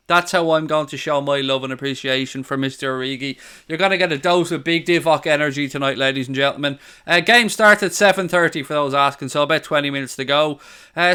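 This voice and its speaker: An Irish man hosts a relaxed football live stream from his living room, talking straight into a studio mic. His voice sits a little high and sounds bright and smooth. He jokes, swears casually and reads viewers' comments aloud. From Ireland. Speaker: football channel host. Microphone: studio condenser mic on a stand.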